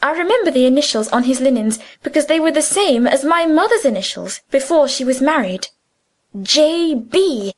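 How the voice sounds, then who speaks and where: A woman voicing a simple, placid young schoolgirl who chats gently about gossip from home. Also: sits high, lively intonation, moderate pace. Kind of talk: audiobook character reading.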